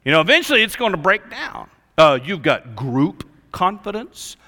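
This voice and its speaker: A male pastor preaching a sermon, swinging between loud emphasis and hushed lines. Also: high-pitched, big pitch swings, moderate pace. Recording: long reverb of a large hall.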